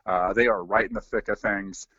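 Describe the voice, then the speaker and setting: A man in his forties, a former pro football player, talking through sports in a relaxed, rambling way with many fillers. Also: lowish voice, normal speed, husky, no room sound, muffled recording. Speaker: former NFL player, guest analyst. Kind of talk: casual sports talk.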